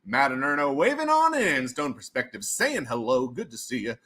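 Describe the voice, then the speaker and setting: Casting: man, livestream host, lively and bright, rambling jokey chatter. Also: medium pitch, normal speed. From United States. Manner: rambling, joking, laughs often. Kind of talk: casual livestream chat.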